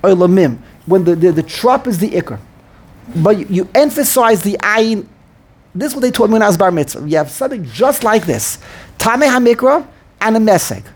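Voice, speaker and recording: Husky man teaching animatedly. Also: high-pitched. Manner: animated, repeats words and restarts, sounds out words slowly. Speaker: teacher of prayer pronunciation. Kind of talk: informal lesson with a student.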